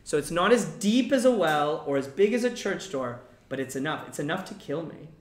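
A man's voice: fairly high pitch, brisk, echoey room. A man teaching a class about a play, explaining lines and acting out quotes with energy. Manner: animated, acts out quoted lines.

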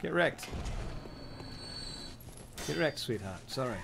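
A man's voice: medium pitch, takes it slowly, creaky, background noise. Man in a hammy put-on Texas drawl. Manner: putting on a joking Texas drawl; excitable, shouting at the game. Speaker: gameplay streamer. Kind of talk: live let's-play commentary. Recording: game sound in the background.

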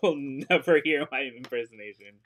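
A man's voice: mid-range voice, moderate pace, very noisy. A man hosting a live online sale of secondhand designer purses, chatting casually with fillers, giggling often and gushing about the bags. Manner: upbeat and gushing. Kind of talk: casual live-stream sales chat.

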